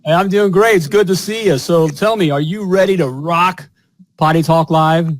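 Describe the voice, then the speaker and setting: Speaking at normal speed in a voice on the high side, a man hosts a live online plumbing show from his home studio; there's no room sound. He keeps the live-stream monologue upbeat, folksy and salesy, often saying things twice.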